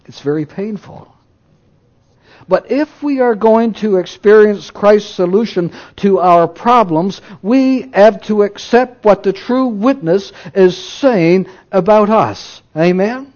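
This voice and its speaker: A man preaching a sermon, moving between loud emphatic declarations and hushed low asides. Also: slow, highs cut off.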